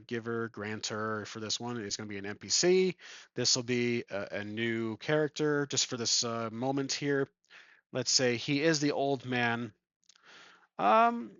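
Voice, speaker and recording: A man's voice: mid-range voice, sharp tone, no room sound. A man playing a tabletop game alone, making it up as he goes and thinking aloud with many ums. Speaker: solo tabletop game player. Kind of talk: improvised game narration. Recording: dull lo-fi sound.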